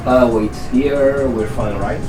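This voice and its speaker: A man's voice: mid-range voice, steady tone, takes it slowly, music in the background. A young man streaming a video game, chatting casually, playful and blunt, swearing freely. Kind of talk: casual game let's-play commentary.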